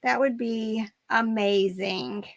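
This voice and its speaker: A woman hosting a live reselling stream, chatting casually in an upbeat, repetitive way. Her voice sits fairly high and her pace is slow and unhurried. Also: steady tone, gravelly. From Germany. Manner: chatty, upbeat, repeats phrases. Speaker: reseller channel host.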